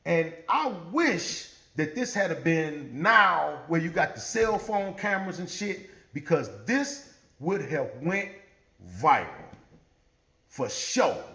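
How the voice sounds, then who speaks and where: Man, casual profane storytelling, lively high voice, gravelly, roomy echo. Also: takes it slowly. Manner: profane, animated, laughing often.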